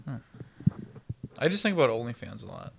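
A man's voice: medium pitch, big pitch swings, fairly quick, gravelly, background noise. A man co-hosting a podcast, joking and teasing in casual chat. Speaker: podcast co-host.

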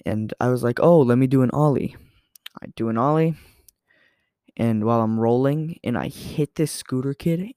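A man's voice: mid-range voice, warm tone, dry recording, studio quality. A young man hosting a podcast, telling stories in a rambling, casual way with lots of fillers and self-corrections. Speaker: podcast host. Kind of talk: casual storytelling monologue.

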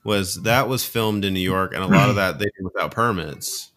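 A man on a podcast recalling film trivia in a hesitant way, pausing with ums. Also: low voice, animated, a bit bright. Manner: thoughtful, hesitant, searching with ums. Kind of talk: casual podcast conversation.

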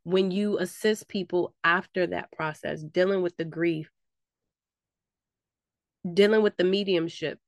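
A woman hosting a podcast, asking a guest questions in a relaxed, conversational way. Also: lowish voice, unhurried, pauses often, dry recording. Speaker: podcast host. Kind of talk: casual interview chat.

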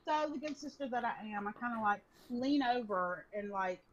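Husky woman telling a profane story. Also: a little high, animated, normal speed. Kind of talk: casual chat. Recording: dull lo-fi recording.

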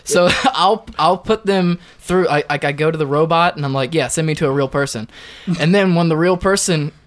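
A young man, a guest on a podcast, telling funny stories casually and giggling often. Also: on the high side. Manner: giggly, quick storytelling. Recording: noisy mic with clicks.

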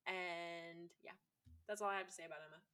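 A woman's voice: fairly low pitch, steady tone, fairly quick, sharp tone. A woman chatting casually and enthusiastically, with lots of fillers. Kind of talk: casual chat.

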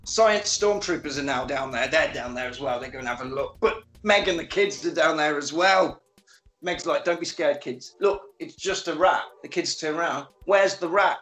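A man casually recapping a film as a podcast co-host, animated and sweary, acting out characters' lines. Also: a little high, echoey room.

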